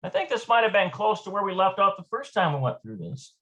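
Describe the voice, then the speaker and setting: Brief: high-pitched male teacher, informal lesson, thinks aloud, muffled lo-fi audio. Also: sing-song, brisk, fairly bright tone. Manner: thinks aloud while explaining. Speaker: Hebrew teacher. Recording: dull lo-fi recording.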